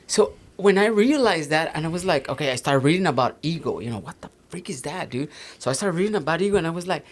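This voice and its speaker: A man's voice: on the high side, expressive, quick pace. A man with a Mexican accent chatting casually as a podcast co-host, rambling with many fillers and restarts. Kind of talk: casual chat.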